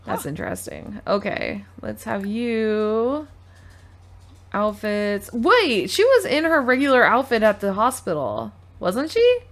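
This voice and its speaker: A chatty woman gaming host narrates her gameplay and scolds her game characters, her voice fairly high, very animated and a little slow. Game music plays loudly under her voice, and a baby can be heard crying.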